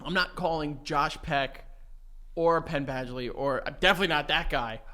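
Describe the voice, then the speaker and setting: A man co-hosting a podcast in casual chat, joking and teasing his co-host, often laughing and shouting. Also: a little high, moderate pace.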